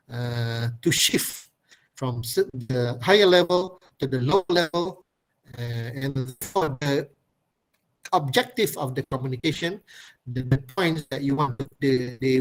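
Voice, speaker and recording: A man's voice: medium pitch, low-quality recording. A man from Kedah with a Malaysian accent giving a webinar lecture over a video call, rambling with many fillers and restarts. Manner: rambling, filler-heavy, with laughs and drawled demonstrations.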